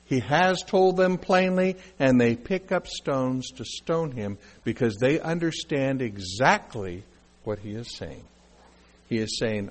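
A middle-aged man delivers a sermon, acting out the lines he quotes. His voice sits a bit high for a man and rises and falls a lot, giving the talk a lively, animated preaching feel. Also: takes it slowly. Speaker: pastor.

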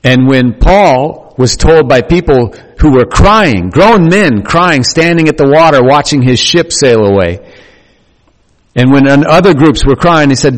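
A man preaches in a relaxed, conversational sermon, retelling the story with emphatic turns and plain asides. His voice sits mid-range and rings with the long reverb of a hall. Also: medium pitch, normal speed. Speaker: pastor.

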